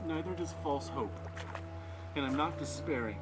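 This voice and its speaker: A man's voice: a little high, normal speed, music in the background, close to an everyday voice. A man voicing a grieving father in a video game who argues bitterly and rawly with his wife. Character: grieving father refusing false hope.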